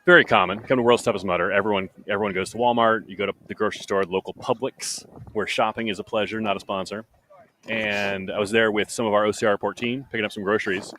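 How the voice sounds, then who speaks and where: Excitable male race commentator outdoors. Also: on the low side, quick pace, a little hiss or hum. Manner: excitable, rambling storyteller. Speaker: livestream commentator.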